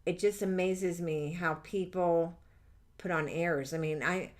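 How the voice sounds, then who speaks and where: Speaking at a measured pace in a low, steady voice, a middle-aged woman runs a livestream where she does angel readings. She rambles openly, full of fillers, and reads viewers' comments aloud as she chats.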